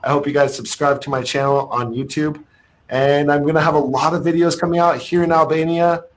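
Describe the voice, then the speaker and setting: A man's voice: a little high, fairly even intonation, fairly quick, poor audio. A man who makes travel food videos, easygoing and chatty, plugging his channel on a livestream. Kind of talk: casual channel plug on a livestream.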